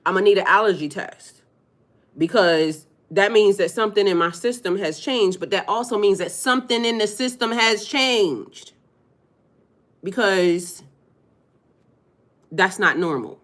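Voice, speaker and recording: A woman's voice: medium pitch, unhurried, long pauses. Blunt, chatty woman vlogger. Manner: blunt, conversational, profane, addresses viewers as y'all. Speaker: spiritual life coach and channel host. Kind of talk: casual vlog commentary.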